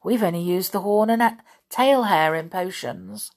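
A woman's voice: medium pitch, moderate pace, darkish tone, close to an everyday voice. A woman voicing a frightened schoolboy wizard who speaks in a startled, breathless way.

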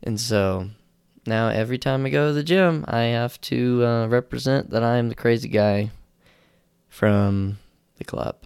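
A young man rambles through a casual podcast story, poking fun at himself. His voice has a gravelly, creaky texture. The sound is close and dry, with no room echo. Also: medium pitch, measured pace, a little mellow. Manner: rambling, self-deprecating, acts out quotes in raised voices. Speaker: podcast host.

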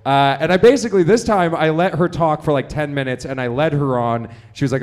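A young man with a slightly high voice hosts a comedy night. He rambles through crude bits, swearing freely and stumbling over fillers and false starts. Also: expressive, fairly quick, a little mellow. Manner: rambling, profane, many fillers and restarts. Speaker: comedy show host. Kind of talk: stand-up hosting banter.

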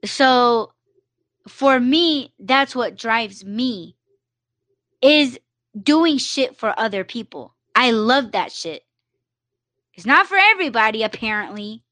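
Pushed and bright, this woman's voice sits on the high side as she hosts a solo live podcast with no room sound. She talks bluntly and emphatically, swearing a lot and leaning on fillers such as "you know" and "like."

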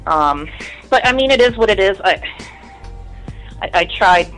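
A woman's voice: mid-range voice, lively intonation, measured pace, fairly bright tone, faint music behind, rough recording. A woman in her thirties, a guest in an interview, telling her story in a candid, rambling way and swearing often.

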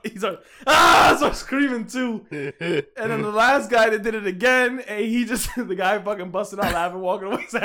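A man co-hosting a casual podcast in an apartment, telling profane stories with lots of laughter. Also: sits high. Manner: profane, animated storyteller, laughs often. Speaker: podcast co-host. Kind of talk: casual drunk podcast chat.

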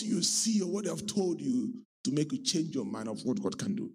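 A man pastor preaching a sermon, swinging between low talk and high, shouted, sung-out lines. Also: sing-song, moderate pace, hardly any pauses, slightly rough.

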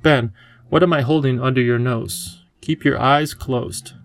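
A man voicing a wise, playful elderly male professor who talks in a gentle, enthusiastic teacherly way. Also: mid-range voice, a little slow, vocal fry. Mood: kindly.

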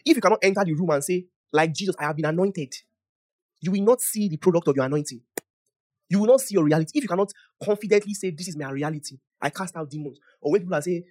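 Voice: mid-range voice, fast. A preacher giving a conversational sermon, asking the listeners questions and laughing often, then praying aloud in tongues. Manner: prays aloud in tongues, rising in loudness. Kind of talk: sermon and prayer.

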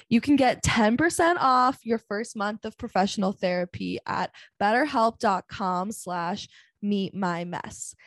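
A woman reads a sponsor spot for her podcast in an upbeat, persuasive tone. Her voice sits at a middle pitch, and the recording is dry and close. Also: no echo. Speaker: podcast host reading a sponsor ad. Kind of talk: read ad.

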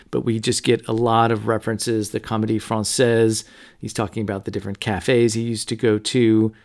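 A man hosting a podcast, talking through a novel in a low-key, conversational way with frequent fillers. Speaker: podcast host. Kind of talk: casual book discussion.

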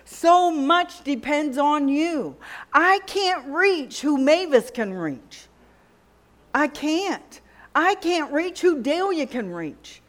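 A woman's voice: sits high, sing-song, slow pace. A middle-aged woman preaching a sermon, telling stories and acting out what was said to her. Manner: storytelling, acts out dialogue with God and others.

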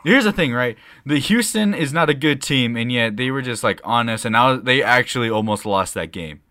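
A young man co-hosting a casual podcast, telling a rambling story with lots of swearing and excitable bursts. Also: mid-range voice, brisk, no echo. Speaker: podcast co-host. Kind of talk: casual chat.

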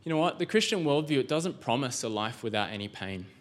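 A man preaches a sermon in a church, talking in a loose, conversational way. He keeps throwing rhetorical questions at the room and restarts his sentences often. His voice sits at an ordinary middle pitch. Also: animated, fast talker. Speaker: pastor.

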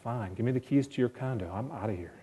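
A man's voice: mid-range voice, fast talker, mellow, breathy edge. A man voicing a blunt local in India who sardonically mocks wealthy Western seekers. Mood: sardonic. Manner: sardonic, dismissive.

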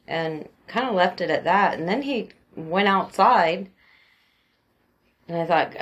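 Low-voiced woman telling a story. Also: moderate pace. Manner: storytelling, laughs easily. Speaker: podcast co-host. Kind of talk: casual faith chat.

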